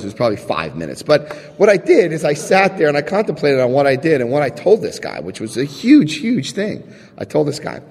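A man sharing his recovery story with a live audience, telling it in an animated, chatty way, acting out scenes and checking in with his listeners. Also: on the high side, gravelly, big-room sound. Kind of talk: personal testimony to a live audience.

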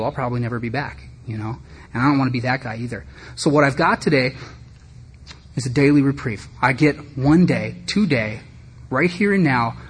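In a meeting room, a middle-aged man gives a personal recovery talk to a group, candid, self-deprecating and conversational with frequent asides. His voice is mid-range, and the recording has a little hiss or hum.

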